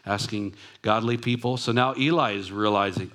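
A man preaching a sermon in a relaxed, conversational way. He reflects on scripture and adds personal asides. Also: fairly low pitch, normal speed. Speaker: pastor.

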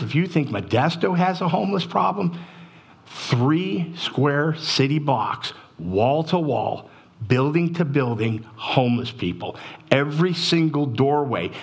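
A middle-aged man with a husky, slightly breathy voice delivers a heartfelt sermon testimony to his congregation. His pitch sits in an ordinary middle range, and he tells his story with strong feeling, dropping low and quiet when it turns sad. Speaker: church speaker.

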